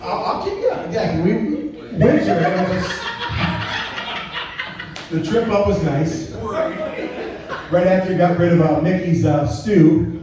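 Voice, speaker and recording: High voiced middle aged guy roasting a coworker, lots of restarts, super echoey far off phone recording. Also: measured pace, pauses often. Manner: rambling, stumbling restarts, chuckling through stories. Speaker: coworker giving a retirement roast speech. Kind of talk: casual storytelling speech. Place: indoor party venue. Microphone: phone camera far from the speaker. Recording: echoey, distant, faint room noise.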